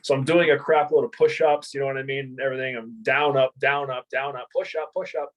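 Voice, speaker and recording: Speaking briskly at medium pitch with fairly even intonation, a former Marine in his thirties who teaches martial arts recounts stories during a casual interview. He curses without restraint, laughs, and meanders through many fillers and restarts. It's a low-quality recording.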